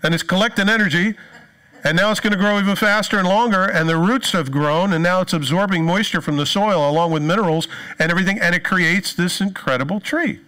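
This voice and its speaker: A man preaching a sermon as pastor, telling stories in an animated way and acting out the people he quotes. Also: high voice, a little fast.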